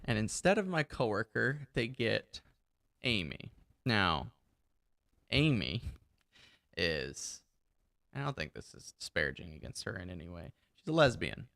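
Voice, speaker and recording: A man's voice: lowish voice, measured pace, creaky, long pauses, dry recording, clean studio sound. A young man co-hosting a podcast, telling work stories in casual chat and acting out the quotes with lots of laughter. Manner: animated storyteller acting out quotes, laughing often. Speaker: podcast co-host.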